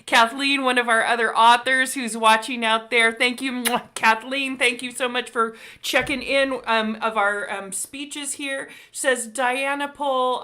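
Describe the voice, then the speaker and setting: A woman's voice: fairly high pitch, pushed and bright. A woman hosting a live online book talk, gushing with praise and reading viewer comments aloud. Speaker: host.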